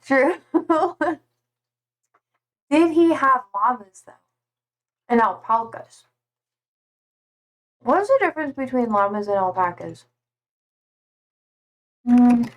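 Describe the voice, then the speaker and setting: A woman's voice: high-pitched, lively intonation. A woman chatting casually on a live stream, playful and giggly. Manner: giggly and playful, slow drawn-out talk.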